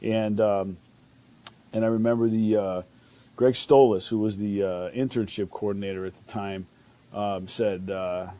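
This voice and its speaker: A man's voice: on the low side, steady tone, unhurried, warm tone. A man, a chef telling stories in an interview, rambling with fillers and restarts. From Chicago. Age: 50s. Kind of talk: casual interview storytelling.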